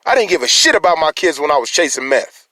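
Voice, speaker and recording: Fairly high and swinging widely in pitch, this man talks fast with a sharp, dry tone and no room sound. As a concerned citizen in a raw, emotional monologue, he rambles, stammers through restarts, and challenges those listening.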